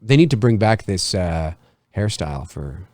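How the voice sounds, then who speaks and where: A man's voice: deep voice, big pitch swings, normal speed, a little mellow, dry recording, studio quality. A man co-hosting a live film commentary in a laid-back way, chuckling often and reading viewer comments aloud. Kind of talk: live movie commentary chat.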